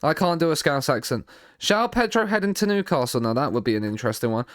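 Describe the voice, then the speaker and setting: A man's voice: fairly high pitch, lively intonation, fast, a bit bright, dry recording. Rambling man streaming a football sim. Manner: rambling, repeats and restarts words. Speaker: game streamer. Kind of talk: live stream commentary while playing a football manager game.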